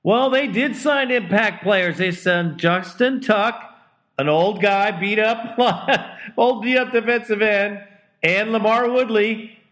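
A man's voice: sits high, takes it slowly, a bit bright. A man hosting a fan talk show, commenting in a laid-back, wry way. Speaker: host.

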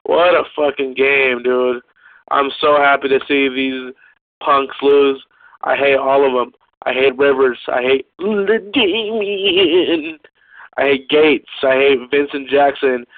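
A man's voice: mid-range voice, no room sound. A man calling in to a fan show, gloating and cursing about a rival team losing. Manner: profane gloating trash talk. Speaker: caller. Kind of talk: call-in voicemail rant. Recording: tinny phone line.

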